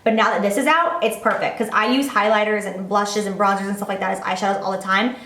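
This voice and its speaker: A woman's voice: medium pitch, fairly even intonation, quick pace, a bit bright, roomy sound. A young woman beauty vlogger chatting casually and gushing about her favorite products.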